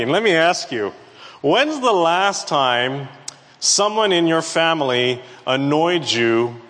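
A man delivers a lively sermon from the pulpit, often turning to question the congregation. His voice sits a little high, and it rings out with the long reverb of a church hall. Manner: animated, asks the congregation questions. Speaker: preacher.

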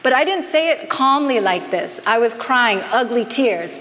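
A woman's voice: fairly high pitch, animated, moderate pace, fairly bright tone. A woman preaching a sermon, often asking the congregation questions. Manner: engages the audience with frequent questions. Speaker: preacher and health missionary. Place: church hall with a congregation. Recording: reverberant hall with faint background noise.

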